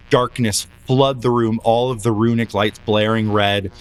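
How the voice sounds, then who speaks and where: Casting: male game master, low and unhurried, dramatic descriptive narration. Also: fairly even intonation, clean tone, faint music behind.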